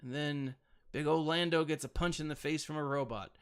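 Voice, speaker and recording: A man's voice: on the high side, fairly even intonation, fairly quick, a bit bright, clear, resonant tone. A man in his thirties, a gaming channel host, giving casual, rambling gameplay commentary with self-mocking asides and playful sound effects.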